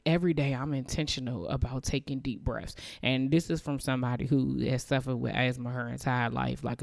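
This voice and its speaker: A woman's voice: rumbling low, dark tone, dry recording, clean studio sound. A woman hosting a faith podcast, talking in an earnest, emotional way, often repeating herself and sighing as she gives thanks. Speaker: podcast host. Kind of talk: heartfelt faith-based podcast monologue.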